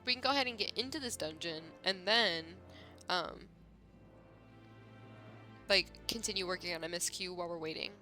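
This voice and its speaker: A woman's voice: fairly low pitch, normal speed, pauses often, sharp tone, soft background music. A young woman streaming a game, chatting casually in a rambling way full of fillers. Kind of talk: casual gameplay chat.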